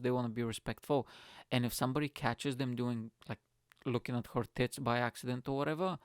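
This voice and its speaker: A male comedian hosting his solo podcast, telling stories in a hyper, swearing, fast-running rant on a close mic. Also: mid-range voice, dry recording.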